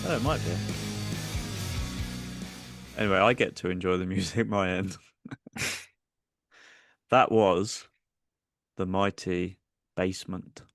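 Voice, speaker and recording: A man's voice: sits low, slow pace, pauses often, a bit bright, dry recording, faint music behind. A middle-aged man co-hosting a podcast over a remote call, trading playful banter and laughing along. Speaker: podcast co-host. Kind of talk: casual chat. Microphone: remote call mic.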